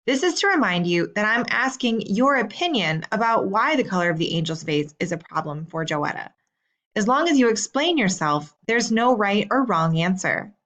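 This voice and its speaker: Woman teacher, medium pitch, reads assignment questions slowly and clearly. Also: sing-song, fairly bright tone, lo-fi sound. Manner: slow, clear and deliberate. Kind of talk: recorded assignment instructions.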